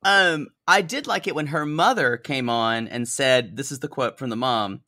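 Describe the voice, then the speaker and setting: A man's voice: mid-range voice, moderate pace, few pauses, sharp tone, no room sound, studio quality. A man co-hosting a podcast, recapping an episode in casual, joking chat with frequent ums and laughs. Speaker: podcast co-host.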